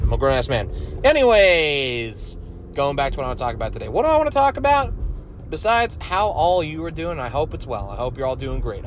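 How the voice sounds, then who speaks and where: A man's voice: mid-range voice, a little hiss or hum. A young man hosting a solo podcast, talking casually with crude jokes, lots of swearing and rambling asides. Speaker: podcast host.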